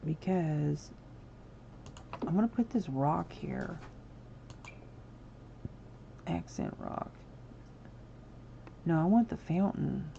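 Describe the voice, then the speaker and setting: A woman's voice: low voice, lively intonation, very slow, vocal fry, pauses often, warm tone, muffled recording, slight background noise. A woman hosting a live game stream, chatting casually and apologetically with her viewers and breaking into sudden exclamations. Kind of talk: casual livestream chat while building in a game.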